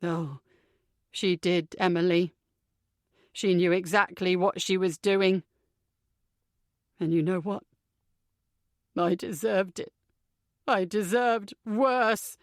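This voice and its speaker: Brief: woman reading a brooding young man, low and flat, dry close read. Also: takes it slowly, pauses often, dry recording. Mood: bitter. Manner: quiet, flat, bitter.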